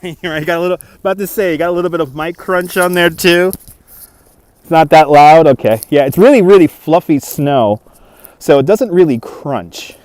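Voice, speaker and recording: A man's voice: on the high side, moderate pace, darkish tone, no echo. A man with a New York accent hosting a casual livestream while walking through a snowy park, chatting, laughing often and reading comments aloud. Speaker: livestream host. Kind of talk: casual livestream walk-and-talk. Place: snowy city park, outdoors. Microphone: phone camera on a gimbal.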